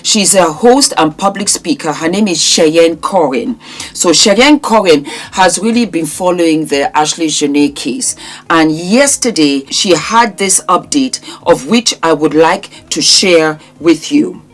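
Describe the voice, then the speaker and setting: Woman, host, casual chat, effusive, doting, lowish voice. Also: animated, unhurried. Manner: effusive, doting, calls viewers darling.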